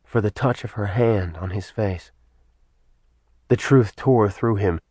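A man narrating an audiobook in a soft, even storytelling manner. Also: lowish voice, slow pace, husky, no echo. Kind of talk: scripted narration.

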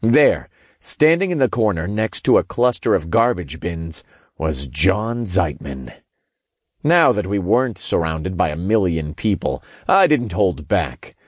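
Deep-voiced male audiobook narrator. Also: very animated, measured pace, dry recording, studio quality. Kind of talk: first-person novel narration.

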